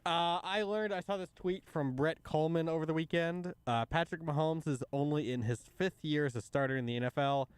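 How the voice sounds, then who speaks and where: A man's voice: a little high, a little fast, few pauses, clear, resonant tone, no room sound. A man working as producer on a sports talk radio show, sharing a stat in an easygoing way.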